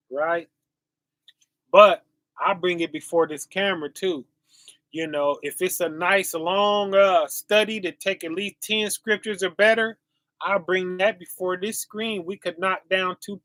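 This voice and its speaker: Slow bright-voiced male street preacher. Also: high voice, dry recording. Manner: preachy, rhetorical, keeps asking "right?". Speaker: online preacher. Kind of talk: sermon to camera.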